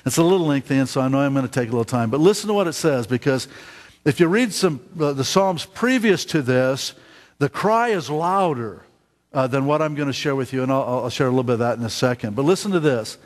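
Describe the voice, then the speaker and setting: A man preaching a sermon to his congregation, halting often with fillers and restarts and asking the listeners questions. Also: mid-range voice, animated. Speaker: pastor. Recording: long hall reverb.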